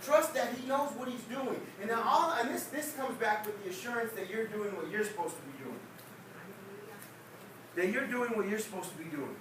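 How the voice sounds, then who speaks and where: A high-pitched male evangelist preaches a revival sermon in a church sanctuary, building his points through repeated, emphatic refrains. He is picked up from a distance, with heavy echo and clear room noise around him. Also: animated, normal speed, a crowd in the background. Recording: echoey church hall, distant mic, noisy.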